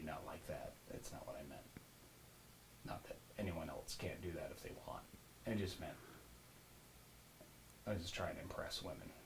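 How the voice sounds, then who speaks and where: A man playing a brash, profane finance show host in an improvised comedy monologue, rambling and boastful, swinging between loud laughing shouts and low mutters. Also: noisy background.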